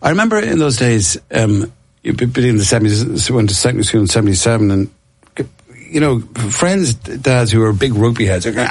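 A man's voice: medium pitch, very animated, brisk. A middle-aged man, telling rambling, self-mocking stories as an interview guest and laughing often. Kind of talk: casual anecdotal interview.

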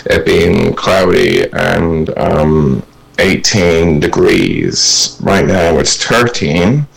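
A man's voice: low voice, drawn-out words, vocal fry, breathy edge, rough recording. A man calling into a radio show from his bedroom, giving a hesitant weather report with many fillers. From Ireland. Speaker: caller.

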